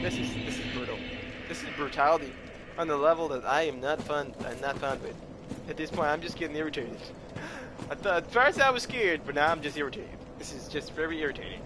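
Excitable man yelling at a game. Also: a little high, fast talker, noisy background. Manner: frustrated, swings between muttering and yelling. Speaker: gamer streaming his play. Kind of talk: casual let's-play commentary.

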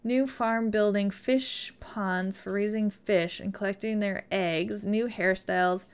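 A woman's voice: medium pitch, fairly even intonation, slow pace, smooth. A woman chatting casually and playfully on a live stream, now and then baby-talking to her dog.

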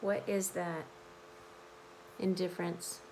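An American woman teaching English who explains song lyrics to learners slowly and patiently, repeating key phrases, with a hoarse morning voice. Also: on the low side, flat delivery, a little mellow, slight background noise, poor audio.

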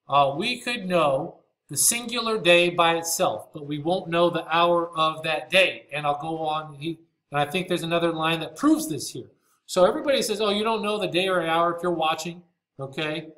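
Male Bible study teacher with a high voice. Casual, reads scripture aloud and checks in often. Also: a bit bright, poor audio. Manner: explains casually, checks in with frequent "okay?"; reads scripture aloud in old-fashioned wording. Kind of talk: informal Bible study over slides.

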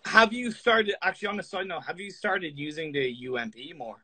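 Eager, bright-voiced man interviewing. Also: high voice, animated, brisk, breathy edge, no room sound, poor audio. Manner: eager, playful, stammering restarts. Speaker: live stream interviewer. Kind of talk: casual interview on a live stream.

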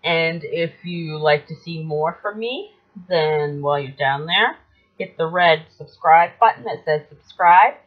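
A woman's voice: low voice, a little slow. A young woman telling a personal story in a casual, rambling vlog, often correcting herself as she goes. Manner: chatty, rambling, self-correcting. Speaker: vlogger. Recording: dull lo-fi home video audio.

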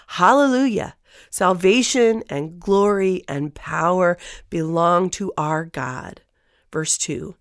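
A woman hosting a podcast, giving a conversational devotional Bible teaching and reading scripture aloud with lively energy. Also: on the low side, no room sound, studio quality.

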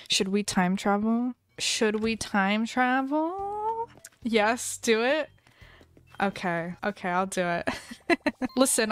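Excitable, giggly woman streaming a game. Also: fairly high pitch, no room sound. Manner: excitable and giggly, gushing and chatty. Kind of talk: live gameplay commentary.

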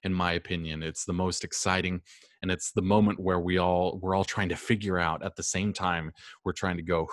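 A man's voice: low voice, little pitch movement, moderate pace, fairly bright tone, no room sound, clean studio sound. A man teaching a class in a casual, rambling way, with frequent ums and restarts. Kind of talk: classroom lecture.

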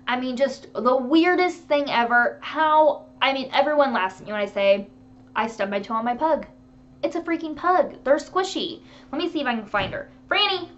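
A woman vlogger chatting to camera, telling animated stories with laughter. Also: on the high side, highs cut off. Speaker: beauty vlogger. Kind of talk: casual chat to camera.

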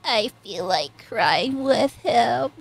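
A woman reacting to an anime, talking to the characters on screen and swinging between loud cheering and soft, sympathetic murmurs. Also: fairly high pitch, animated, drawn-out words, vocal fry, slightly rough. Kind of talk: emotional anime reaction commentary.

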